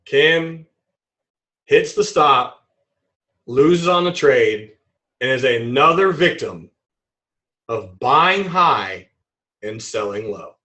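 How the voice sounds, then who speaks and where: A man teaching a trading webinar in a playful, animated way, acting out examples as he explains them. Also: mid-range voice, takes it slowly, pauses often, poor audio. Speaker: trading instructor.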